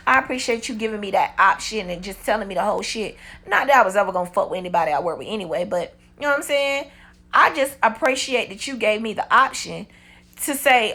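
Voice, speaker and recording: A woman in her forties telling a storytime vlog in a blunt, profane, animated way. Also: fairly high pitch. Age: 40s. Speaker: vlogger. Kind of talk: casual storytime monologue.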